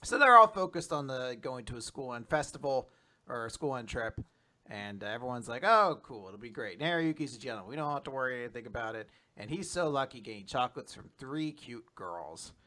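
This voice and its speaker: Animated man retelling with lively swings. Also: brisk. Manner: animated retelling, acts out characters' lines with swooping pitch; swears casually. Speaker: podcast co-host. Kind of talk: casual recap chat.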